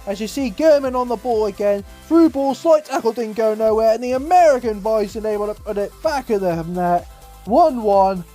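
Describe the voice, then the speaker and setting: A young man giving casual commentary over football game highlights, exasperated and swearing about his team. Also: animated, normal speed, warm tone, soft background music. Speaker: gaming YouTuber.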